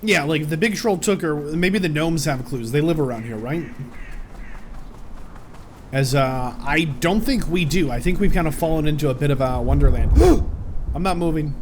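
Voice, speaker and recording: A man commenting on a game as he plays it, joking and reacting with sudden excited yelps. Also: on the high side, normal speed, background noise. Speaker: gameplay commentator. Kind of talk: let's-play commentary.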